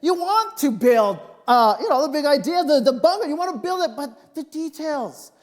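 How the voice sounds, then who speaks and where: A male pastor preaching a sermon, telling personal stories in an animated, joking way. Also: extremely high pitch, normal speed. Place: church sanctuary. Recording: long reverb of a church hall.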